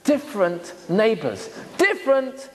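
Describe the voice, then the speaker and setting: A man's voice: high voice, very animated, measured pace, darkish tone. A rabbi giving a sermon, telling stories and asking rhetorical questions, acting out quotes as he goes. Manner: storytelling, asks rhetorical questions, acts out quotes. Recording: reverberant hall.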